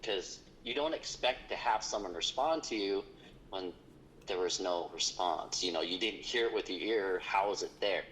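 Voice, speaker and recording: A man's voice: sits low, normal speed, fairly bright tone, slight background noise, low-quality recording. A man, a paranormal investigator, telling a story in casual conversation, rambling with lots of fillers.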